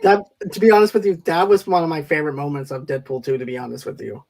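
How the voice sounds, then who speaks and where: Slightly high-voiced man reviewing films. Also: expressive, fast talker, a little mellow. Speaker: podcast co-host. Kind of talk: casual movie review chat.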